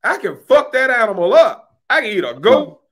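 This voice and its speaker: A man co-hosting a podcast, talking in loud, profane, joking banter. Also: extremely high pitch, sing-song, normal speed. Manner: loud, profane, jokey, exaggerating. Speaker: podcast co-host.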